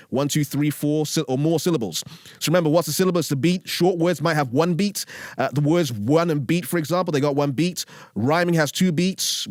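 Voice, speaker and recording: A man's voice: a little high, dry recording. A man with a British accent giving a casual lesson on writing rap lyrics, often checking in with "all right?" and "okay?". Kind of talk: casual instructional talk with rap examples. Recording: dry close mic with faint beat underneath.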